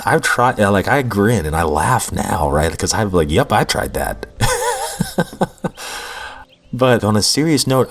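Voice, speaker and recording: A man's voice: sits low, husky. A man hosting a recovery podcast, telling his own story in an earnest, heartfelt, self-deprecating way. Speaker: podcast host. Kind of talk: personal recovery testimony.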